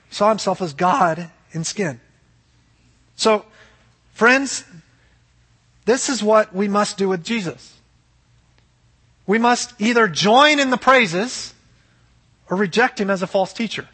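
A man preaching with a high, bright, slightly husky voice, earnest and emphatic. His sermon rings out in a large hall with a long reverb trailing each phrase. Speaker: pastor.

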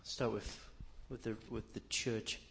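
Guy on a church panel, flat even voice, lots of ums. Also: fairly low pitch, slow, gravelly, a little hiss or hum. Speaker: ministry representative.

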